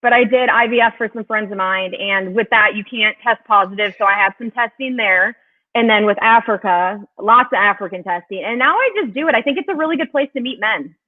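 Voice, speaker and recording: Over tinny, phone-like audio, a Wisconsin woman who's a guest shares travel stories in a chatty, casual way, laughing frequently. Her mid-range voice moves a little fast.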